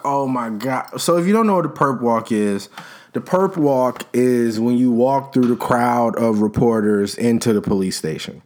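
Rambling, animated man ranting casually. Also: medium pitch, a little slow. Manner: rambling, profane, frequent "you know what I'm saying". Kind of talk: casual comedic rant.

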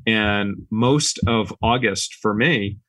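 A man's voice: on the low side, takes it slowly, no echo. A man casually telling stories from running his company, acting out the dialogue as he goes. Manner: relaxed, anecdotal, acts out quoted dialogue. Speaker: business owner guest. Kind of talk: casual podcast storytelling.

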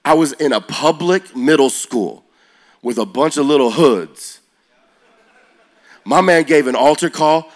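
A middle-aged man, a youth pastor, telling a story as he preaches, his delivery swinging from hushed lines to shouts. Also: a little high, unhurried, long pauses. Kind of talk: energetic sermon storytelling.

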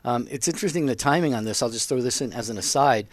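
A man's voice: mid-range voice, fast, no room sound. A man co-hosting a phone-in radio show, making friendly, chatty asides to a caller. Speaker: radio co-host.

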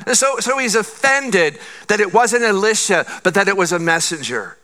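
A middle-aged man preaching a sermon as a pastor, in a high, bright voice. He talks in a loose, conversational way and keeps looping back to earlier points with "again". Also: animated, moderate pace, hardly any pauses.

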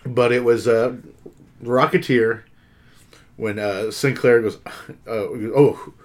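A man's voice: medium pitch, steady tone, takes it slowly. A man co-hosting a casual movie podcast, stammering on restarts and swearing. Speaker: podcast co-host. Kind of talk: casual movie review chat.

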